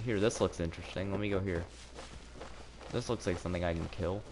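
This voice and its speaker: A man live-streaming a video game, rambling sarcastically and bursting out excitedly during fights. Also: sits low, brisk, pauses often, background noise. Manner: sarcastic, self-mocking rambling with excited outbursts. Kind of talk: live gameplay commentary. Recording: game music playing under voice. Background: game music.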